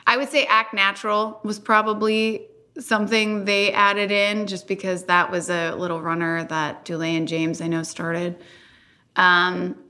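A woman's voice: medium pitch, sharp tone. A woman co-hosting a casual rewatch podcast, chatty and giggly as she reads out fan questions. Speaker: podcast co-host.

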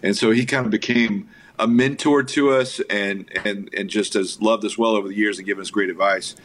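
Speaking on the low side and at a brisk clip, a man appears as a filmmaker guest in a relaxed interview, with slight background noise. His storytelling is lively, full of fillers, and he keeps slipping into quoted voices.

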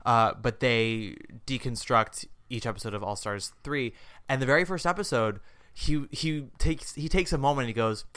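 A man hosting a podcast in casual chat, telling stories in a chatty, animated way. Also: mid-range voice, normal speed, dry recording. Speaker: podcast host.

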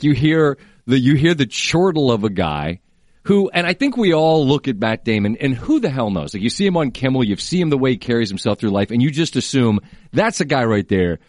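A man's voice: mid-range voice, sing-song, moderate pace, a little mellow, no room sound, studio quality. A man co-hosting a radio show, reflecting at length in a casual chat.

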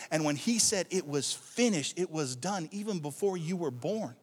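A male pastor preaching a sermon to his congregation, calling out for responses and building excitement. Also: a little high, normal speed, hardly any pauses, slightly rough. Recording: long hall reverb.

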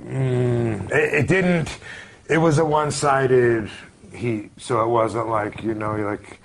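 A man in his forties, a guest telling stories in a relaxed, rambling way in a casual podcast interview. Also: mid-range voice, takes it slowly, creaky, slight background noise. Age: 40s. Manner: laid-back, rambling storyteller.

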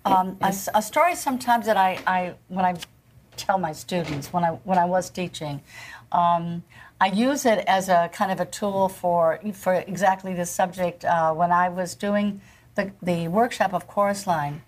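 A woman hosting a lunch chat in a restaurant, telling a story with many restarts and pauses. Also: fairly low pitch. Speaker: host. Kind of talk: casual chat over lunch.

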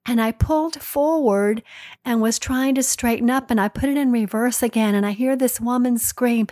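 A woman's voice: a little high, darkish tone, dry recording, studio quality. A middle-aged woman co-hosting a podcast, giving a chatty, story-filled pep talk. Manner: slow, chatty storytelling with frequent laughs. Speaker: podcast co-host. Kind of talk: solo pep talk monologue.

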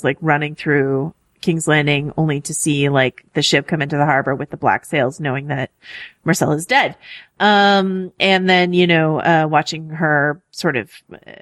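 A woman's voice: deep voice, a bit bright, no room sound, clean studio sound. A woman co-hosting a casual TV podcast, chatty and upbeat, laughing often between points. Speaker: podcast co-host. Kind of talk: casual pop-culture podcast chat.

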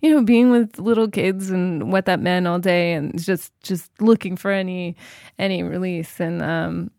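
A woman's voice: lowish voice, steady tone, measured pace, gravelly, a little mellow, no echo, studio quality. A woman in her thirties, a guest in an interview, talking reflectively and often restarting her sentences. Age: 30s. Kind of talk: casual interview chat.

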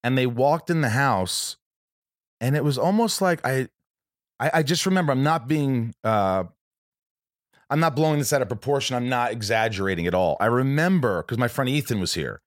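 A man in casual conversation, telling a personal story in a rambling way with many restarts and lively retold quotes. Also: medium pitch, moderate pace, dry recording, clean studio sound.

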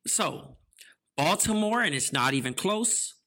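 A man's voice: sits high, animated, unhurried, bright, forceful tone. A man co-hosting a podcast, joking loosely in slangy casual chat. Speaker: podcast co-host.

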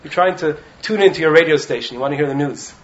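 Animated man teaching, slightly high voice. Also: quick pace, dull audio. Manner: animated, keeps checking in with "right?". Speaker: rabbi teaching in a yeshiva. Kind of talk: Torah talk. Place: study hall.

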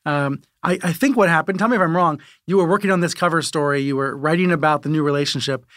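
A middle-aged man in an animated podcast conversation, quick and given to repeating words. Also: fairly high pitch, no echo, studio quality. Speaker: media reporter and podcast co-host.

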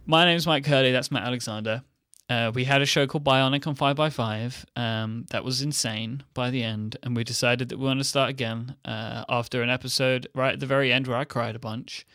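Young male co-host, deadpan and rambling, dry close mic. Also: mid-range voice, brisk, hardly any pauses, no echo. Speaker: podcast co-host. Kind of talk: casual banter.

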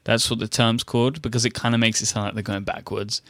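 A British man in casual conversation, talking haltingly with dry understatement. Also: mid-range voice, little pitch movement, a bit bright, dry recording. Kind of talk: casual chat.

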